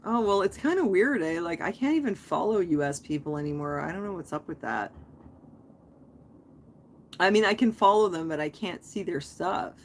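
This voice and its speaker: A woman's voice: fairly low pitch, expressive, moderate pace, a little hiss or hum. Chatty woman rambling on a live stream. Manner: chatty, rambling, full of fillers and asides. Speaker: online reseller and channel host.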